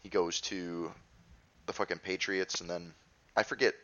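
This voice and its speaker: A man's voice: sits low, steady tone, normal speed, sharp tone, dull audio, slight background noise. A man hosting a podcast in casual chat, wry and joking, with some swearing. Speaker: podcast host.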